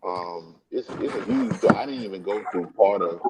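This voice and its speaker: A man's voice: low-pitched, huge pitch swings, normal speed, noisy background. A man hosting a casual live chat from a comic book store, talking on his phone in a laid-back, rambling way and calling everyone "man". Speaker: live stream host, comic collector.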